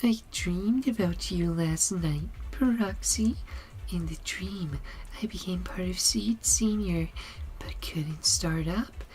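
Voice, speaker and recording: Guy doing a soft breathy android girl, slow and dreamy, half whispering, higher than his usual. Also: rough recording. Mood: dreamy, wistful. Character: gentle young girl android, dreamy and trusting.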